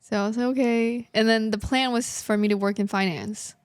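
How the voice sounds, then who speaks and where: A woman's voice: medium pitch, fairly even intonation, fairly quick, clear, resonant tone, no echo, clean studio sound. A woman in her twenties, a guest in a casual interview, talking in a chatty way with lots of laughs and fillers. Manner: chatty, laughing, frequent likes. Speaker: guest, artist and streamer.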